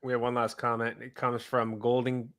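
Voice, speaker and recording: A man's voice: medium pitch, completely flat delivery, normal speed, fairly bright tone. A man co-hosting a podcast, explaining things matter-of-factly in casual chat. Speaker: podcast co-host.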